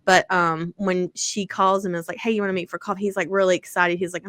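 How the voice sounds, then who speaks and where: A woman co-hosting a casual book chat, rambling with plenty of fillers and swearing. Her voice sits in a middle pitch and sounds dry and close, with no room around it. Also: fairly even intonation, fast talker, fairly bright tone, no echo. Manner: chatty, swearing, lots of fillers and like. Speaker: podcast co-host. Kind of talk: casual chat about romance books.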